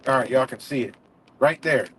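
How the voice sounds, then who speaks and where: A man's voice: medium pitch, normal speed, fairly bright tone, a little hiss or hum. A man hosting a casual livestream, ranting heatedly and profanely with lots of fillers and restarts. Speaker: livestream host.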